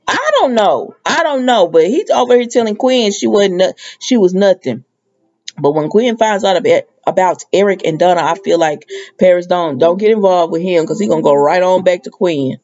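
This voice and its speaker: A woman's voice: lowish voice, lively intonation, moderate pace, dark tone. Woman doing a chatty soap recap, opinionated, a bit muffled sounding. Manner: chatty, opinionated, retells scenes with quoted lines. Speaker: soap opera recap host. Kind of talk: casual episode recap.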